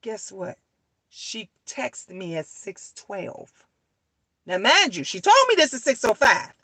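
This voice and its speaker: A woman in her thirties telling a family story as a profane, animated rant, repeating lines for emphasis. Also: medium pitch, slow, breathy edge, no echo.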